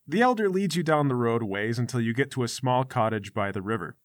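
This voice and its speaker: A man's voice: medium pitch, lively intonation, fast talker, few pauses, no echo. A man narrating as game master of a tabletop game, dry and teasing.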